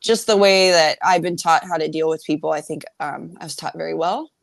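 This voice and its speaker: Woman bartender guest, blunt and salty, lower-pitched, casual chat. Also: fairly quick, gravelly, no room sound. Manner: blunt, laughing, swears freely.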